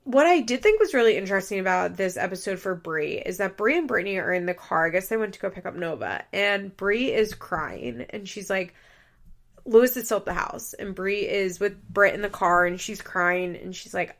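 A young woman hosts a podcast and talks through a reality TV episode in a loose, conversational recap. Her voice sits at a middle pitch with a gravelly, fry-heavy edge, and she peppers her sentences with "like" and small laughs. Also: animated, moderate pace. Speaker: podcast host.

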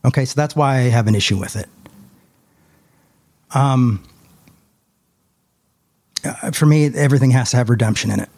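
A young adult man telling a personal story in a casual podcast chat, with his voice jumping up high when he quotes others. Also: normal speed, long pauses. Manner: animated, rises high when quoting others. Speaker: podcast co-host.

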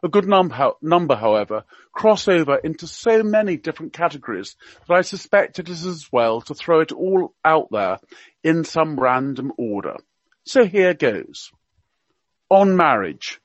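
A man with a light received pronunciation accent reads a scripted comic piece in a dry, wry, measured way. His voice sits a little high and moves widely in pitch. The sound is dull and dry, with almost no room. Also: big pitch swings, no echo. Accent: slight received pronunciation. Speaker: guest commentator. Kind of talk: scripted humorous radio piece.

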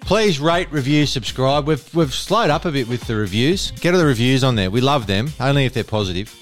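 A man's voice: medium pitch, lively intonation, brisk, faint music behind. A man with an Australian accent, co-hosting a podcast in a studio, joking and wrapping up the episode. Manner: joking, wraps up the show. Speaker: podcast co-host. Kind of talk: casual chat. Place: recording studio.

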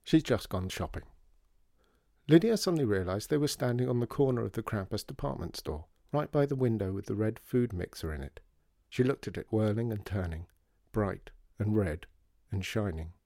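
Low, mellow storyteller. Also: male voice, vocal fry, no echo, clean studio sound. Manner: calm, measured storytelling. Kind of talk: scripted story narration.

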